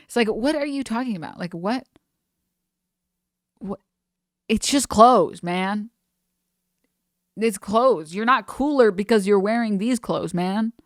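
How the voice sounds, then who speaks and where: A woman's voice: mid-range voice, expressive, slow, pauses often, no room sound. Exasperated woman streamer, dry sound. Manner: exasperated, mocking impressions. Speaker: streamer reacting to videos. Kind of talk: casual reaction commentary.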